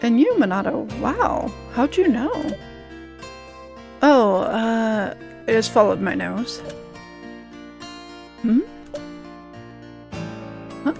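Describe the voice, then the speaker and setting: A woman streaming a story game, reading the characters' dialogue aloud in an unhurried, earnest way. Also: fairly high pitch, lively intonation, gravelly, a little mellow, soft background music.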